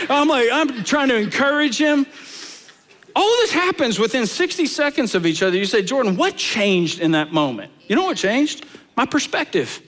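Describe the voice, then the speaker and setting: A man preaching a sermon as pastor, talking to the congregation in a conversational way, asking rhetorical questions and telling lively stories. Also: very high voice, normal speed, a little hiss or hum. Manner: animated storytelling.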